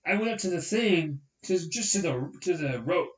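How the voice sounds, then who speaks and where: A man's voice: fairly high pitch, normal speed. A young man hosting a podcast, telling a rambling story in casual chat and acting out the people in it. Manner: rambling, animated, acts out quotes. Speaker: podcast host. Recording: roomy, distant, dull sound.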